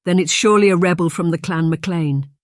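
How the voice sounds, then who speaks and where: A narrator voicing a drunken, bitter Scottish laird, gruff and scornful, with a Scottish accent. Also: mid-range voice, a little fast, no room sound, clean studio sound, close to an everyday voice. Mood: angry.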